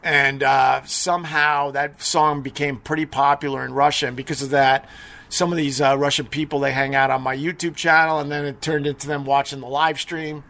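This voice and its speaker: Rambling middle-aged man, bright voice. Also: a little high, flat delivery, moderate pace, gravelly. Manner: rambling, sarcastic, blunt. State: stuffy from allergies. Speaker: live stream host. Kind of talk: casual live stream rant.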